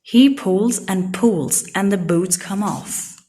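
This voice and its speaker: A woman reading a children's storybook aloud in a clear, simple way for young learners. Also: medium pitch, takes it slowly, mellow. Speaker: storybook reader.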